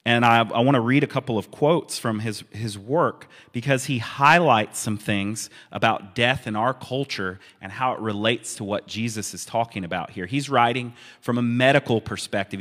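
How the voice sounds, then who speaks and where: A man preaching a sermon in a relaxed, conversational way, with amused asides. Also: lowish voice. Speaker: pastor. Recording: long reverb of a hall.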